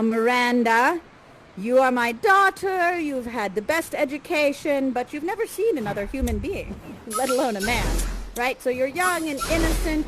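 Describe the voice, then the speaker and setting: A woman with a fairly high voice, on poor audio, plays Prospero in improvised interactive theatre, acting as guide and father figure to the players. She is chatty, playful and encouraging.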